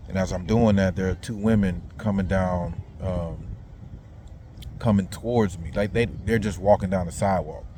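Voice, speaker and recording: A man's voice: low-pitched, moderate pace, mellow, slight background noise. A man casually recounting a dream in a rambling, slang-heavy monologue full of fillers.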